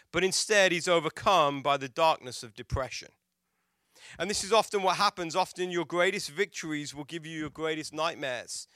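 A man preaching a sermon as a pastor, telling stories and asking the congregation questions, swinging between loud emphatic lines and hushed quiet ones. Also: high-pitched, no room sound, clean studio sound. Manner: storytelling with rhetorical questions to the congregation.

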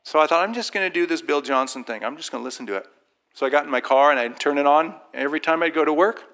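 Brief: man, bright, forceful voice, informal faith testimony, lively storyteller who mimics others. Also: a little high, quick pace. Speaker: Christian speaker sharing a personal testimony.

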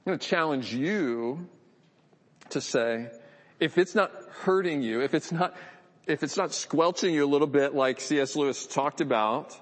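A man's voice: on the high side, normal speed, in a large hall. A man giving a conversational, earnest sermon, often repeating words as he thinks aloud. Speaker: pastor.

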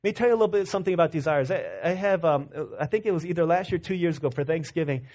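A preacher with a high voice for a man delivers a sermon like a friendly story. He talks straight to the room, trips over his words, and starts his sentences again. He grew up in Virginia. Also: very fast, a little mellow. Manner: conversational storytelling with restarts, addresses the room as y'all.

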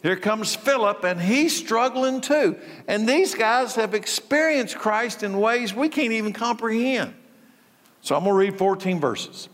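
A man's voice: sits high, animated, unhurried, fairly bright tone. A male pastor preaching a sermon, emphatic, repeating key words and thinking aloud. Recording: long reverb in a large hall.

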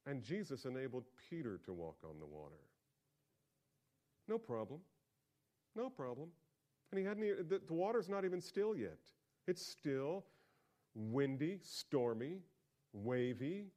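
A man preaching a sermon as pastor, talking conversationally and swinging from quiet asides to loud, emphatic peaks. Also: mid-range voice, big pitch swings, measured pace, pauses often.

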